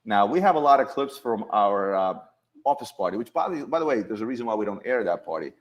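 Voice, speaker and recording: A man hosting a casual chat with coworkers in an office, telling stories in an animated way and often restarting his sentences. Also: fairly low pitch, fast, highs cut off. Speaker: show host.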